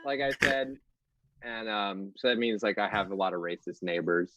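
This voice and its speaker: A man in his twenties doing a stand-up set with a deadpan, throwaway delivery. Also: lowish voice, normal speed, over a noisy crowd. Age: 20s. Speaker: stand-up comedian.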